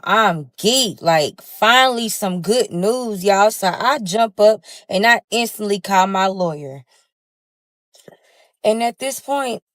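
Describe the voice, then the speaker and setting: A woman's voice: medium pitch, no echo. A woman telling her own story as a casual storytime monologue, dramatic and speaking straight to her viewers, swearing freely.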